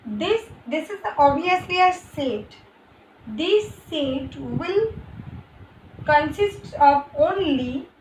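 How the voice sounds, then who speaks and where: Indian woman, math teacher; high voice, unhurried, echoey room with faint hiss. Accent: Indian English. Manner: slow, repeats and rephrases points. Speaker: maths teacher. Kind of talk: explaining math on a board.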